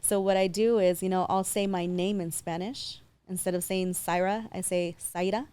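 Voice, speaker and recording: Confident woman, low mellow voice. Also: flat delivery, normal speed, clean tone. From San Diego. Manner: confident, explanatory, fluent. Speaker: guest, loan officer. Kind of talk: casual interview.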